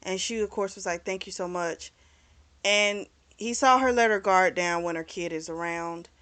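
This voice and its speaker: Recapping a novel for her book club, a chatty woman keeps things informal, quickly voicing characters' lines as she retells scenes, swearing a little and filling her speech with fillers. She has a medium-pitched, slightly bright, clean voice with a steady tone and moderate pace.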